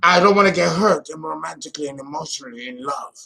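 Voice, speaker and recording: A man's voice: on the high side, quick pace, vocal fry, pushed and bright. A man hosting an astrology channel, talking casually and theatrically, often exclaiming and laughing at himself. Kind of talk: casual solo astrology talk.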